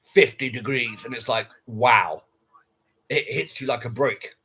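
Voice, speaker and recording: Husky, sweary male livestreamer. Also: medium pitch, fairly even intonation, a little slow, bright, forceful tone. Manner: blunt, sweary, reacting to viewers. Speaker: livestreamer reading chat. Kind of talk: casual livestream chat.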